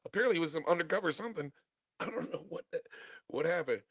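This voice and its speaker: A man's voice: a little high, lively intonation, fast, a bit bright, slightly rough, no room sound. A man co-hosting a podcast, telling a story in a casual chat, laughing often and acting out the voices of the people in it. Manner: laughing storyteller, acts out dialogue. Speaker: podcast co-host.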